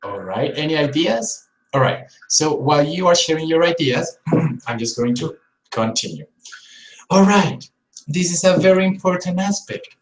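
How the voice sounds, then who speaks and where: An English teacher on a live-streamed lesson, modelling word pairs slowly and repeating them for contrast, and talking to viewers in the chat. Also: medium pitch, expressive, reverberant, low-quality recording.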